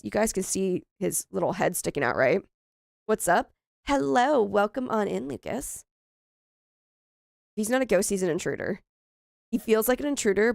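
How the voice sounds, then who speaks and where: A woman's voice: medium pitch, gravelly, a little mellow, dry recording. Chatty woman streamer, dry close sound. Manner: chatty, exclaims in frustration. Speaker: gaming streamer. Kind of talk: casual let's-play commentary.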